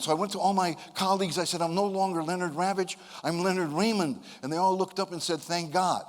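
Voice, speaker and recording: Playful older man telling stories. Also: on the high side. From United States (Connecticut). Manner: playful, self-deprecating, humorous. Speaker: speaker. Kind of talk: motivational talk with storytelling. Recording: long hall reverb.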